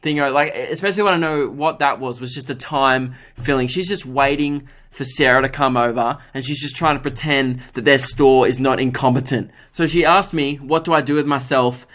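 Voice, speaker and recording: A man's voice: medium pitch, moderate pace, hardly any pauses, fairly bright tone. A man, a comedian hosting his own podcast, telling a funny story in an exasperated, ranting, self-mocking way.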